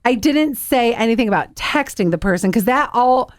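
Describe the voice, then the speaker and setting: A woman with a fairly high voice that moves a lot in pitch, chatting openly with her co-host. Her tone is lively and conversational. It is recorded close and dry. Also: no echo. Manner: chatty, confessional, quick to laugh. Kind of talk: casual chat.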